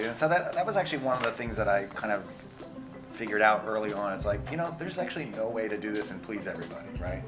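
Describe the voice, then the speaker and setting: A man's voice: mid-range voice, quick pace, music in the background. A man, a filmmaker in an interview, answering in a reflective way with many restarts. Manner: reflective, full of restarts and fillers. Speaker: filmmaker interviewed about his film.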